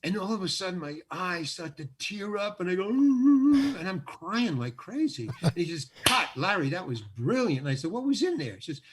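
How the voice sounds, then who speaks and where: Animated older man telling a story. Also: sits high, fairly quick, few pauses, a little hiss or hum. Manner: animated, acts out other people's lines. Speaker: guest actor. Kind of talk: storytelling anecdote in an interview.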